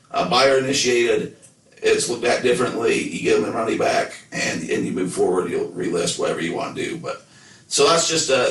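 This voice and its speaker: A man's voice: medium pitch, fairly bright tone, reverberant, distant mic, rough recording. A man hosting a casual podcast, rambling and joking about himself in a loose, self-deprecating way. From United States. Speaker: podcast host. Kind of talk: casual chat.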